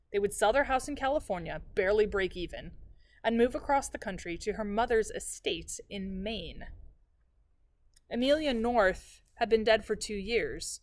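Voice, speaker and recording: A woman librarian reading a novel aloud in a measured, even storytelling manner. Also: medium pitch, no echo.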